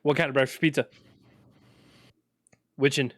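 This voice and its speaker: A man's voice: medium pitch, fairly even intonation, normal speed, fairly bright tone, dry recording. A man co-hosting a podcast in laid-back casual banter, swearing casually. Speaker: podcast co-host.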